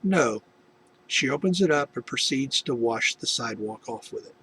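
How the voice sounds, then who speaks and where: Gravelly middle-aged man telling a story. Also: mid-range voice, lively intonation, normal speed, fairly bright tone, a little hiss or hum. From United States. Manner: rambling, with many restarts and asides. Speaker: video testimony host. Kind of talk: personal faith testimony storytelling.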